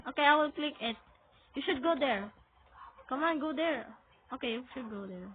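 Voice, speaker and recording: A woman's voice: high voice, expressive, normal speed, pauses often. A woman chatting casually while playing a game, asking short questions over and over and yelping when scared. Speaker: gamer playing with a friend. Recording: tinny phone-like audio with faint hiss.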